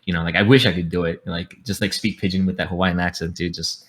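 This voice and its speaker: A young American man talking as a podcast guest, his voice sitting very low in pitch. He rambles loosely, packing his sentences with "like" and "dude". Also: flat delivery, quick pace. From United States. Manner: rambling, heavy filler words like "like" and "dude". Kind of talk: casual interview chat.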